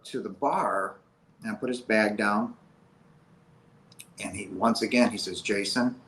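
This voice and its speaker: A man's voice: mid-range voice, a bit bright. A man telling a personal story casually, with frequent "like" and "right?". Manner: recounts events with frequent "like" and "right?". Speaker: guest sharing a personal experience. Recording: roomy, faint background ambience.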